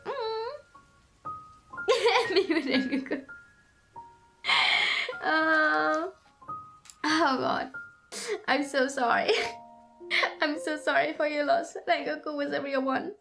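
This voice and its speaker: A woman streamer with a stuffy nose, chatting casually on a livestream, emotional and tearful, rambling and swearing. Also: high-pitched. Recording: music playing under voice. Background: background music.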